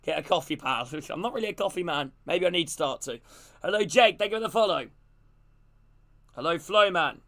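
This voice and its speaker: A man streaming a live football watch-along, calling the play and greeting his chat in a casual, excitable way. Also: sits high, brisk, creaky. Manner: casual, greets chat between plays, gets loud and excited on attacks.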